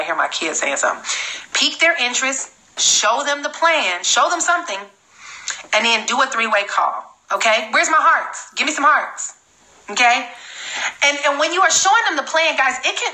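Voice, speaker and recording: High bright energetic woman trainer. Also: moderate pace, echoey room, rough recording. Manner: energetic, emphatic, repeats for stress. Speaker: network marketing trainer. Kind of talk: live-streamed sales training talk.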